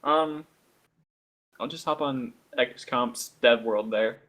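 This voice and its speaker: A man's voice: mid-range voice, takes it slowly, fairly bright tone. A young man on a live stream, joking around, answering chat and teasing his co-host. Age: young adult. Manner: playful, joking, talks to chat.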